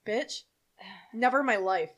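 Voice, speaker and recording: A woman co-hosting a podcast in casual chat, loud, profane and jokey. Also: medium pitch, a little slow. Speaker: podcast co-host.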